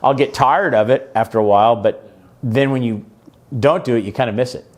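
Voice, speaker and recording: A middle-aged man hosts a relaxed podcast conversation. He talks eagerly, circling back and restarting his sentences as he goes, at an ordinary pitch for a man. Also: brisk. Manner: enthusiastic, rambling with restarts. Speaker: podcast host. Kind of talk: casual interview chat.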